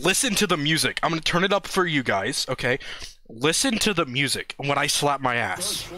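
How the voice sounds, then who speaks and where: A young man live-streaming, talking in excitable, crude, laughing casual banter into his webcam setup. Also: a little high, moderate pace, soft background music.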